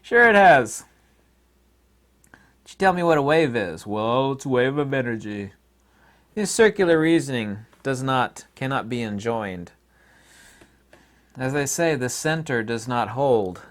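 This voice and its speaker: A man delivering a rambling philosophical monologue with a sardonic edge. His pitch jumps around a lot, dropping to low mutters and leaping up for loud mock-dialogue lines, and he keeps laughing at his own jokes. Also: expressive, measured pace. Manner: swings from quiet mutters to loud high exclamations. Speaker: channel host.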